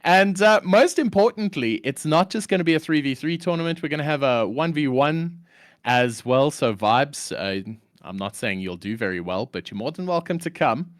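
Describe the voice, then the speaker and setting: Man, stream host, enthusiastic, self-mocking, wide-ranging pitch, dry close sound. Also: expressive, normal speed, no room sound. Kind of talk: live-streamed chat.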